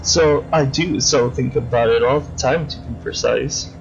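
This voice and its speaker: A man's voice: medium pitch, moderate pace, gravelly, natural voice. A man voicing a gleeful, sadistic male villain in a video game, with a sing-song, purring menace, on a dull lo-fi recording with faint hiss. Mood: creepy gleeful.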